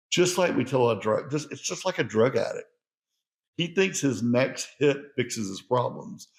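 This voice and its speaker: A man's voice: medium pitch, gravelly. A man hosting a solo podcast, speaking in an earnest, conversational and reflective way. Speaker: podcast host.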